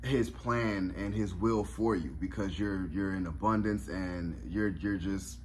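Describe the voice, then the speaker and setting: A man with a fairly low voice talks through a review in a casual vlog. He is reflective and openly moved, and he often pauses on fillers and restarts his sentences. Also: a little mellow, slight background noise. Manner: reflective, emotional, many fillers.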